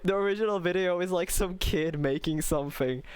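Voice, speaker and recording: A young male streamer whose voice sits a little higher than most men's. He talks to his chat in a loose, playful way, bouncing between teasing and mock outrage and breaking into laughter often. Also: fairly quick, clear, resonant tone, no room sound. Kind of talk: casual live-stream chat.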